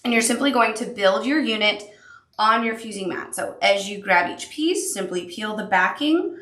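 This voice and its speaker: A woman's voice: medium pitch, lively intonation, normal speed, fairly bright tone, echoey room. Upbeat woman teaching a quilting tutorial. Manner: upbeat, encouraging, talks the viewer through each step. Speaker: quilting instructor. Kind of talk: step-by-step craft tutorial.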